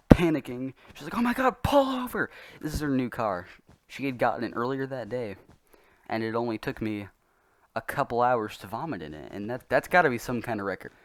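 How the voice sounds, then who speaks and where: A man's voice: medium pitch, dry recording. Young man rambling through a funny story. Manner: rambling, self-mocking, laughs through the story. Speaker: vlogger. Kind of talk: casual storytelling.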